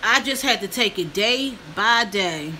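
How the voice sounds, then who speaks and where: A woman's voice: medium pitch, animated, a little slow, sharp tone, slight background noise, low-quality recording. A woman, a vlogger telling her story to viewers, tearful and calling them y'all. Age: 50s. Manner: addresses viewers as y'all, breaks down crying. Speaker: mukbang vlogger.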